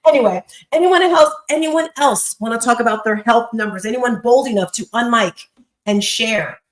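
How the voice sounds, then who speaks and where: Woman in her 50s hosting a live chat, a bit high, emphatic storyteller, roomy echo. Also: normal speed. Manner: emphatic, storytelling, talks to the audience directly. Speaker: host.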